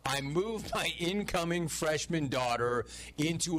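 Ranting his way through stories and complaints from listeners, a male talk radio host voices all the dialogue on his own. He speaks at a moderate pace in a fairly high, expressive voice that sounds pushed and bright.

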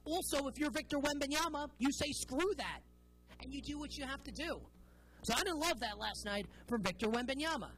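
A woman's voice: high voice, a little fast, fairly bright tone, low-quality recording. A woman hosting a sports talk show, delivering an opinionated, sarcastic monologue with emphatic stresses.

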